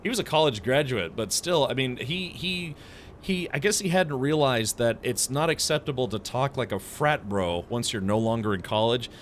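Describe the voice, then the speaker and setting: Brief: male game streamer, sarcastic and chatty, very expressive pitch, faint hum behind. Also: moderate pace. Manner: sarcastic, chatty, laughs at his own jokes; talks to chat. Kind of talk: casual live-stream chat while playing.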